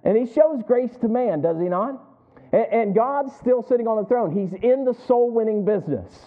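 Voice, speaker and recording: High-voiced man preaching a sermon. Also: lively intonation, normal speed. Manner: preaching, asking the congregation call-and-response questions. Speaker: pastor. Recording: tinny phone-like sound.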